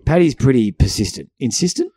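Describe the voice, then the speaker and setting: A man's voice: medium pitch, fairly quick, breathy edge, no echo, studio quality. An Australian man co-hosting a podcast, telling a story with lots of swearing and acted-out voices. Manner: animated, acts out voices in anecdotes, swears freely. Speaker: podcast co-host. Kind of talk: casual storytelling chat.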